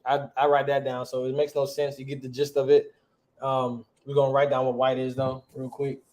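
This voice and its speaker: A man's voice: mid-range voice, monotone, normal speed, a little mellow. A man teaching a class in a casual, slangy way, often checking with the students by asking "right?". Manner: slangy, conversational.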